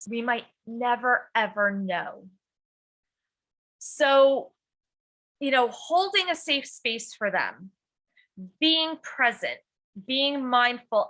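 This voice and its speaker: A woman's voice: a little high, sharp tone. A middle-aged woman teacher giving a conference workshop talk, earnest and compassionate, with many "you know" fillers. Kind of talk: conference presentation.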